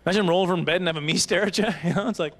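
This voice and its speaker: A man in his forties doing animated, self-mocking stand-up comedy at a banquet, on a handheld microphone. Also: high-pitched, very fast, a little hiss or hum. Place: banquet hall stage.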